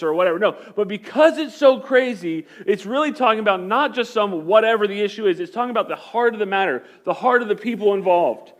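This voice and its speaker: A man's voice: high-pitched, fairly quick, few pauses. A male pastor preaching in a conversational style, hammering his points home with emphatic repetition. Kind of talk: sermon.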